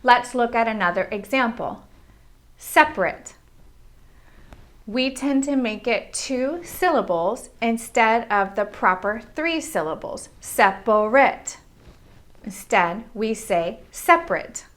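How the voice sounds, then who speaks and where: An American woman teaching English pronunciation, slowly modeling and repeating example words. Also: fairly high pitch. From United States.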